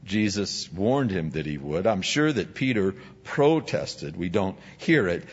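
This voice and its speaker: A male pastor delivers a sermon with a lively, swooping pitch, slipping into the voices of biblical figures as he speaks. His voice rings with a long hall reverb and sounds a little dull and muffled. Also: unhurried, slightly rough. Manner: animated, acts out biblical figures in dialogue.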